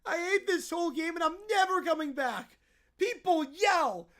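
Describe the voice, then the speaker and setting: A man voicing an entitled little boy throwing a whining, yelling tantrum. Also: very high-pitched, brisk.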